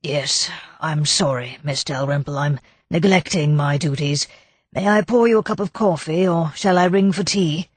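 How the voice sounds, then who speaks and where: A woman reading an audiobook, voicing a shy, grieving older man who speaks softly and apologetically. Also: low voice, normal speed, slightly rough, dry recording. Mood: apologetic. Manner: soft, apologetic, subdued. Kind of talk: audiobook narration.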